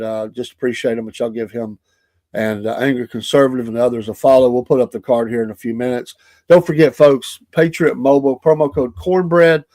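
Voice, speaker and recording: A man's voice: mid-range voice, dark tone, no room sound, studio quality. A man co-hosting a morning talk show, chatting casually with plenty of hesitations and filler words. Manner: chatty, hesitant with frequent uhs.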